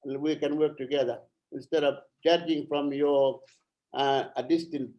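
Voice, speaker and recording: A middle-aged man from Arnhem Land speaking at an online forum as a member of parliament, halting and earnest, repeating phrases, a little out of breath. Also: fairly high pitch, flat delivery, a little mellow, lo-fi sound. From Arnhem Land, Australia.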